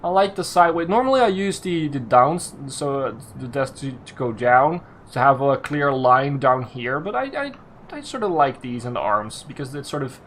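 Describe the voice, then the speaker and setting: A man's voice: mid-range voice, a bit bright, a little hiss or hum. A man hosting a casual let's play, thinking aloud as he builds, often restarting and correcting himself mid-sentence. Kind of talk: casual game commentary.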